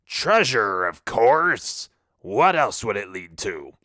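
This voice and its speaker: Storybook pirate shipmate with a pirate accent, gruff and commanding, voiced by a male narrator. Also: fairly low pitch, big pitch swings, slow pace, pushed and bright, no room sound, clean studio sound, heavily acted. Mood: eager.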